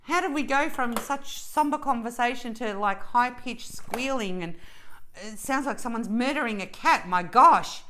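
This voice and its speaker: A woman talking casually to her viewers while she finishes a craft project, effusive and chatty, with sudden excited squeals. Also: on the high side, moderate pace, slight background noise. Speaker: diamond painting vlogger.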